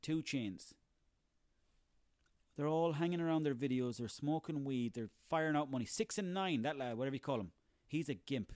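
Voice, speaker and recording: A man's voice: on the high side, moderate pace, a little mellow, no echo, clean studio sound. An Irish man in his thirties delivering a sarcastic, profanity-laden comic rant on his own. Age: 30s. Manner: profane, sarcastic, ranting, rambling.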